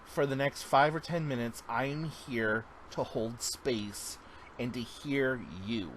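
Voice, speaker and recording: A man's voice: mid-range voice, takes it slowly, fairly bright tone, slight background noise, poor audio. A man vlogging a casual check-in, talking in an earnest, encouraging way that drifts into tangents.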